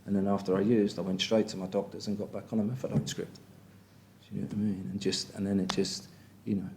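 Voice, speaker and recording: English man, 50s, deep low voice, candid and blunt recovery-meeting share, faint background noise. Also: little pitch movement, a little fast. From England. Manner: frank and blunt, with frequent "do you know what I mean". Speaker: speaker sharing at a recovery meeting.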